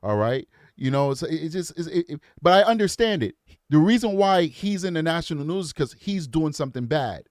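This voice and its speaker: A man's voice: fairly high pitch, lively intonation, fairly quick, dry recording, studio quality. Fired-up male true crime host. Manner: chatty, rambling, goes off on impassioned tangents. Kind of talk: live-stream commentary.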